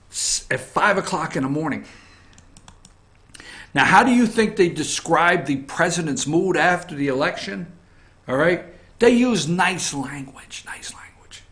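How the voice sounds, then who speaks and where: A man hosting an opinion show from an office, animated, jumping between loud outbursts and muttered asides. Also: on the high side. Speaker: host. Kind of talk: opinion commentary on news and politics.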